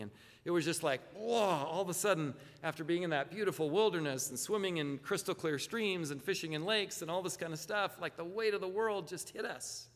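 A man preaching a sermon in a relaxed, conversational way, circling back on his words and tossing out rhetorical questions. His voice sits slightly high for a man, and it trails off into a long reverb in what sounds like a church sanctuary. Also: a little fast. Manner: conversational, self-correcting, asks rhetorical questions. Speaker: pastor.

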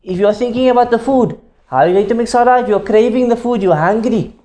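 A man's voice: very high voice, quick pace, dark tone. A man teaching a religious class in an explanatory tone, who repeats each point and keeps checking that students understand, with Arabic phrases mixed in.

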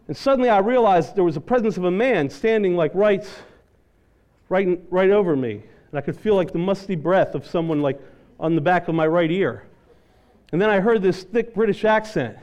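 High-voiced preacher telling a story. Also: male voice, moderate pace. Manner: animated, self-deprecating storyteller. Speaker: pastor. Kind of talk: sermon storytelling.

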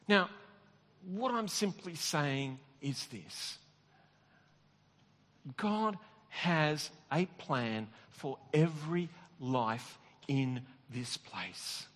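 A middle-aged pastor preaches in a relaxed storytelling way, chuckling at himself and restarting his sentences. His voice sits a little high for a man. The sound carries the long reverb of a large hall. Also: extremely slow, pauses often. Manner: conversational, self-deprecating, with frequent restarts and laughs. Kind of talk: sermon with personal storytelling.

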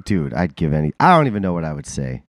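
A man's voice: extremely low pitch, sing-song, fast talker, no room sound, studio quality. Congested nasal man rambling on a podcast. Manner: rambling, filler-heavy, laughs often. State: congested, nasal from sinus infection. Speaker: podcast co-host. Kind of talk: casual chat.

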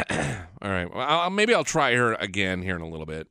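A man's voice: fairly low pitch, wildly swooping pitch, a little fast, sharp tone, clear, resonant tone, no room sound. A man hosting a radio show, talking in a loose, rambling, profane monologue. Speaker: radio host. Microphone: radio studio mic. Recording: dry close studio sound.

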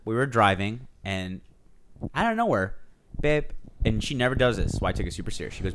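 A man's voice: on the low side, very animated, brisk, a bit bright, slight background noise. A man in casual chat, telling stories animatedly and acting out quoted lines with teasing humour. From San Diego area.

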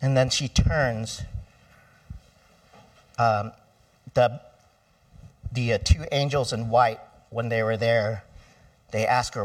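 A man's voice: mid-range voice, slow, pauses often, recorded from a distance. A middle-aged man preaching a sermon in a church, conversational and asking the congregation for responses. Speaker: pastor.

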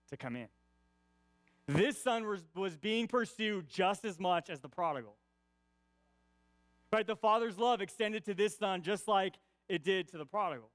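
This high, slightly bright male voice sounds clear and resonant in a dry recording. The pastor preaches in a conversational style, dropping "right?" after his points to check in with the congregation and repeating important lines to drive them home.

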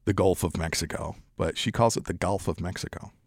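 A man co-hosting a fishing podcast, chatting casually and telling jokes with animated voices for the characters. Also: low-pitched, brisk, dry recording, studio quality. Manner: animated joke-teller acting out characters. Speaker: podcast co-host.

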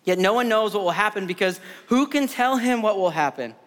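A man's voice: sits high, expressive, fairly quick, a bit bright, big-room sound. A man in his thirties preaching a sermon in a conversational way, repeating words and adding side stories. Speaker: pastor.

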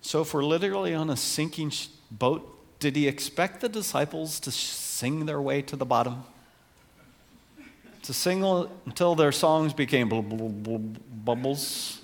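A man's voice: fairly high pitch, normal speed, vocal fry, in a large hall. A man preaching a sermon in an earnest way that rises to passionate emphasis. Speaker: pastor.

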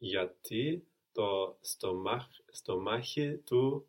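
A man's voice: lowish voice, animated, slow pace. A man taking a language lesson, answering his teacher's prompts tentatively. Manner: tentative, answers after brief hesitation. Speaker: language student.

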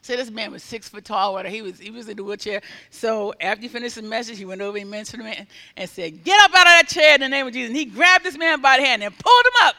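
A man preaching with a strikingly high, very bright voice. He tells his stories animatedly, acting out what people said and rising to loud exhortation. His voice carries a long reverb from a large hall. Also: quick pace, few pauses. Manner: animated, acts out quoted speech, builds to loud exhortation. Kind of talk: sermon storytelling.

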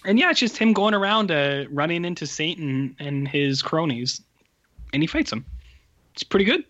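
A man's voice: fairly high pitch, moderate pace. A man casually chatting on a podcast about movies over a remote call, rambling and profane. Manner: rambling, profane, animated storytelling. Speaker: podcast co-host reviewing movies. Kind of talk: casual chat. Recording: muffled lo-fi call audio.

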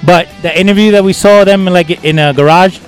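An older man co-hosting a podcast in loose, animated casual chat, swearing freely and tossing in Spanish phrases. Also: sits high, fairly quick, faint music behind. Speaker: podcast co-host.

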